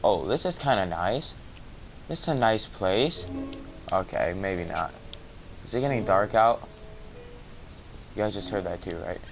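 Young man, casual game commentary, excitable, unhurried, cheap noisy mic, faint background music. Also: on the low side. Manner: excitable, swings from mumbling to yelling. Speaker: gamer. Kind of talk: casual let's-play commentary. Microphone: cheap mic with white noise.

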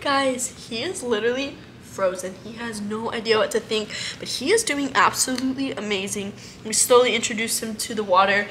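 A young woman with a high, bright voice hosts a casual animal vlog. She talks to her viewers and slips into excited, cooing baby talk. Faint noise sits under the recording. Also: fairly quick. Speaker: animal care vlogger.

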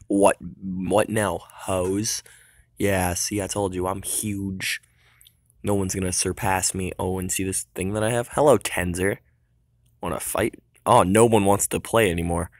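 A man's voice: low voice, moderate pace, vocal fry, no echo, studio quality. A young man giving casual gameplay commentary, cocky and trash-talking, singing along in bursts. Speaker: gamer.

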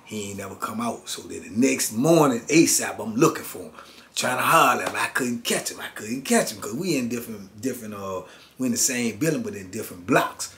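A man's voice: on the low side, lively intonation, brisk, a bit bright, slight background noise. A middle-aged man and former prisoner, telling a prison story in an interview and filling his lines with street slang and "man". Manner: street slang, peppers lines with "man" and "you know what I'm saying".

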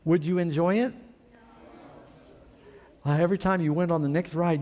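A man preaches in a raised, higher voice, and the long reverb of a large hall trails after each phrase. He plays pastor, turning to his listeners with question after question and slipping into little acted sayings to make his point. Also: fairly even intonation, normal speed, long pauses, mellow. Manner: asks the congregation questions and acts out everyday sayings. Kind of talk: sermon.

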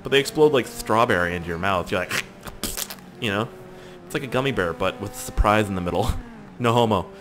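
A man's voice: on the low side, a little fast, pauses often, over music. A young man giving casual, rambling gameplay commentary, swearing and joking with viewers. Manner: rambling, profane, jokey, talks to viewers. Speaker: gaming YouTuber.

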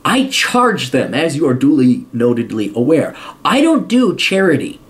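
A man's voice: fairly high pitch, huge pitch swings, moderate pace. Blunt, foul-mouthed man ranting. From United States. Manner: blunt, heavy swearing, emphatic repetition. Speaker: host answering a viewer question. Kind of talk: profane advice rant to camera.

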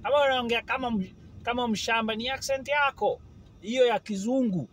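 A man from Kenya, chatting casually to his viewers in an animated way and often checking that they follow. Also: extremely high pitch, fairly quick, low-quality recording. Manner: animated, keeps asking if the listener follows. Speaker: vlogger. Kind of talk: casual chat to camera.

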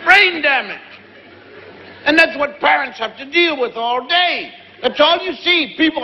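A man's voice: very high-pitched, lively intonation, measured pace. A middle-aged male comedian doing stand-up, telling family stories in a conversational way and acting out the people in them. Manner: conversational, acts out family scenes. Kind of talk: stand-up storytelling. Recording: dull, reverberant live recording.

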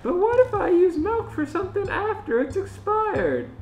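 A man voicing a hyper little male robot servant in a squeaky falsetto with a dopey, sing-song manner. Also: wildly swooping pitch, normal speed, a little mellow, reverberant, soft background music, heavily acted.

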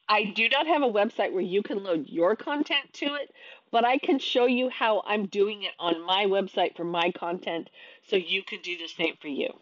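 A woman's voice: medium pitch, dry recording, highs cut off. A woman in her thirties, an online teacher, venting her frustration in a casual talk to camera, often restarting her sentences.

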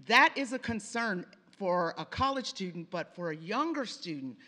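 In a reverberant lecture hall, a woman from the Pacific Northwest of the United States, a lecturer on language and reading, gives a conversational conference presentation, telling stories and turning to the audience for asides. Her mid-range voice is animated and sharp in tone, and she speaks at a normal speed.

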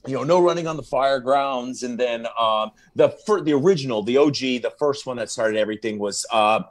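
A man who is a firefighter and comedy video maker, chatting as a podcast guest, telling stories in a lively, laughing, slangy way. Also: medium pitch, a little fast. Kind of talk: casual podcast interview.

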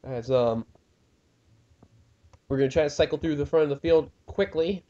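A young man doing casual commentary on a sim race, rambling with many ums and getting excited at crashes. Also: on the high side, normal speed, lo-fi sound, a crowd in the background. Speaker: lead commentator of a sim racing league.

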